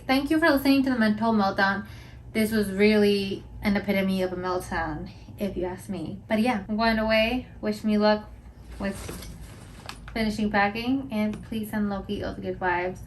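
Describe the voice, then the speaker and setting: A woman's voice: mid-range voice, fairly even intonation, moderate pace, a little hiss or hum, rough recording. Chatty young woman, rambling vlog talk. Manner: rambling and emotional, heavy use of filler "like". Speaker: mental health podcast host. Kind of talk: casual vlog monologue.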